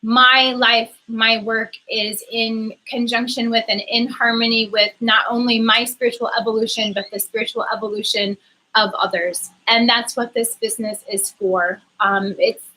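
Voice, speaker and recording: A woman's voice: a little high, little pitch movement, normal speed, sharp tone, low-quality recording. A woman coaching spiritual topics on a livestream, talking casually and earnestly to viewers with frequent ums and restarts. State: getting emotional. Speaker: spiritual coach hosting a live chat.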